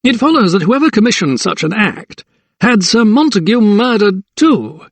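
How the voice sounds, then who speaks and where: A man's voice: sits high, sing-song, normal speed, dry recording, voice pushed up, full character voice. A man voicing a smug, sly older magistrate in an audiobook, with a drawling, self-satisfied manner. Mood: smug, mocking. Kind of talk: audiobook character voice.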